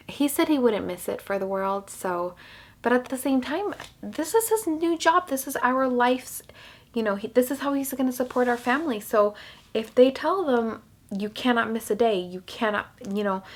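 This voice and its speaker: A young woman vlogging casually, rambling with many fillers and restarts while she cries. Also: a little high. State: crying. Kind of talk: emotional casual vlog talk.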